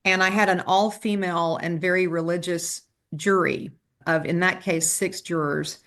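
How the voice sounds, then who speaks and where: A woman trial lawyer, a podcast guest, telling stories with quick asides and restarts. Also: on the low side, fairly even intonation, fairly bright tone.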